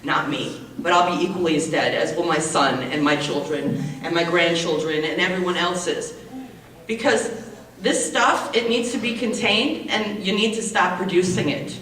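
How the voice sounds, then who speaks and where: Her lowish, fairly bright voice moves at normal speed as this American woman in her forties delivers an indignant, emotional hearing comment, going over her points again and again. The audio is echoey, from a distant mic in a large meeting hall, with faint noise.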